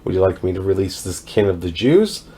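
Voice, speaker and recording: A male Roman governor presses a prisoner with questions, read aloud by a man going through scripture. The voice is low and slightly husky. The lines are read plainly rather than acted out. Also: big pitch swings, brisk, warm tone, full character voice. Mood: questioning.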